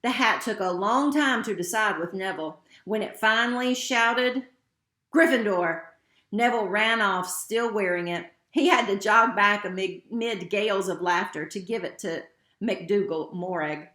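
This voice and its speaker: A woman's voice: mid-range voice, moderate pace, sharp tone. Woman reading a novel aloud, echoey. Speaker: narrator. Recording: roomy echo.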